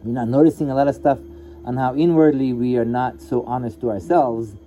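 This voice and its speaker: A man's voice: mid-range voice, steady tone, fairly quick, mellow, poor audio. A man teaching yoga at a live gathering, telling a story in a casual way and acting out the characters' lines. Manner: casual storytelling with voiced asides. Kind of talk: live satsang talk.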